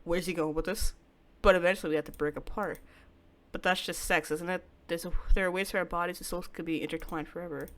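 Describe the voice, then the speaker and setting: A woman voicing a soft-spoken, obsessive young man from a game, reading his lines aloud in a low, hushed, coaxing delivery. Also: steady tone, fast, lightly acted. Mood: menacing.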